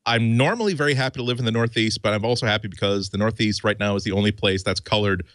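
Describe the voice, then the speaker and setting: A man's voice: on the low side, fast, a bit bright, dry recording, clean studio sound. A man guest-hosting a tech talk show, chatty and self-deprecating, often restarting his sentences. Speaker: guest host. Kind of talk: casual podcast chat.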